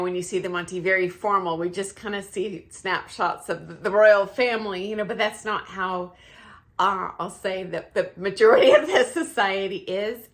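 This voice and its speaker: A middle-aged woman speaks casually to camera about her dance career. Her pitch sits in a mid range. She talks in a loose, chatty way, pausing on fillers and laughing easily. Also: fairly bright tone. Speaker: ballroom dance coach.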